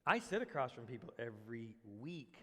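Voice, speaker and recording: A man's voice: mid-range voice, sing-song, a little fast, in a large hall, noisy background. A man preaching a sermon as pastor, blunt and sarcastic, mocking excuses with quoted voices.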